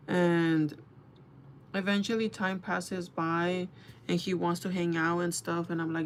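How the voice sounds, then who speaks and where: Doing her makeup, a young woman in her twenties tells a relaxed story for her beauty channel, cursing without restraint. She speaks unhurriedly in a low-ish voice with fairly even intonation, over a slight hiss or hum.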